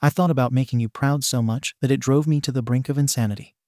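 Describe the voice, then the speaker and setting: A man's voice: medium pitch, steady tone, fast talker, warm tone, no room sound, studio quality, lightly acted. A man voicing a bitter, scarred young male villain confronting his father in a fan fiction reading, menacing and accusing.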